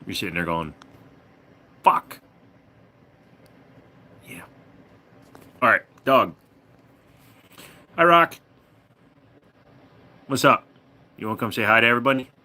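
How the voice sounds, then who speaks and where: A man hosting a casual live stream with a lively voice whose pitch jumps all over the place. He swears freely and drops into a high, slow singsong when he talks to his dog.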